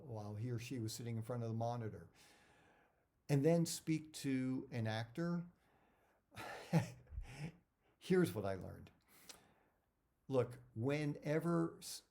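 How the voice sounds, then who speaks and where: A man's voice: medium pitch, warm tone. A middle-aged man, an actor, giving career advice in a casual talk that rambles, repeats words and drifts off topic.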